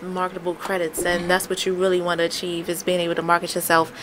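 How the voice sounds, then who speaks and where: A woman chatting as a guest on a radio show, emphatic and quick to agree. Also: fairly low pitch, monotone, background noise. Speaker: guest artist. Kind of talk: casual radio chat.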